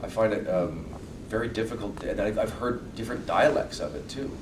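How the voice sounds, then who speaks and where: A man's voice: on the low side, a little fast. A man, an actor, chatting casually and jokingly as a panel guest and answering fan questions. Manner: joking, animated, does accent impressions. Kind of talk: casual storytelling Q&A. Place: large convention hall. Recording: echoey hall, distant mic, noise.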